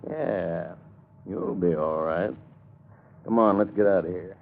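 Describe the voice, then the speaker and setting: An actor playing a cold, treacherous male gangster in a 1930s radio drama, talking low and menacing. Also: slow pace, vocal fry, heavily acted. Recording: narrow lo-fi old radio recording with faint hiss.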